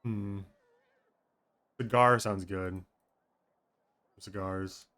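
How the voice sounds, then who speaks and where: A man's voice: fairly low pitch, steady tone, extremely slow, bright, forceful tone. A man streaming a role-play game, chatting casually with viewers, thinking aloud and swearing freely. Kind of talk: casual out-of-character chat with viewers.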